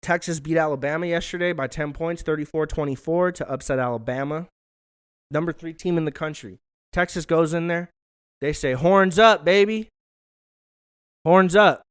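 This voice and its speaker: A man's voice: a little high, steady tone, fairly quick, clear, resonant tone. Loose, profane young man rambling. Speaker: podcast host. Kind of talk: casual solo vlog chat. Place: hot living room at home.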